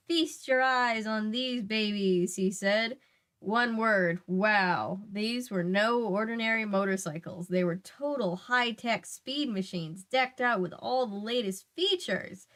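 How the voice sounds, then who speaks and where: A woman reading a book aloud in a relaxed way, dropping wry chatty asides. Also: on the high side. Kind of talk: read-aloud with casual asides.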